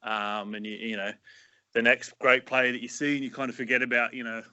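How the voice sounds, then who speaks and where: A man chatting as a guest on a sports podcast, relaxed and given to light jokes. His voice is very bright and sits close and dry, with no room around it. He trails off and restarts often, with frequent ums. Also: medium pitch, a little fast, no room sound, dull audio. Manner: relaxed, joking, hesitant with many fillers. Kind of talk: casual podcast chat.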